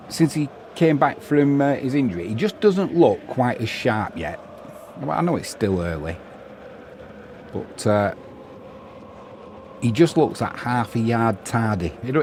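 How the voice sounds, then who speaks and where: A man with a medium-pitched, expressive, unhurried and slightly mellow voice commentates football live on his own, with a little hiss or hum. He reads viewer chat, answering it and adding opinionated asides alongside the play-by-play.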